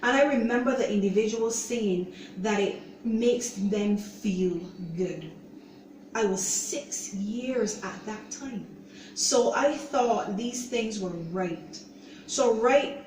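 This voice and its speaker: A woman hosting her own show, giving an earnest, halting personal testimony and often saying "you know". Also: a little high, a little mellow, a little hiss or hum. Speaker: show host sharing her own story. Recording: roomy echo, voice distant from mic.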